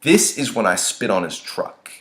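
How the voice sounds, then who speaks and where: A young man reading his own short story aloud, expressive with dramatic swings in tone. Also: fairly low pitch, normal speed. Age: young adult.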